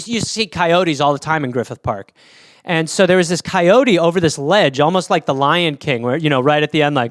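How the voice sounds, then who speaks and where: A man's voice: a little high, a bit bright, dry recording, studio quality. A man hosting a casual solo podcast, rambling through anecdotes with plenty of swearing. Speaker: podcast host.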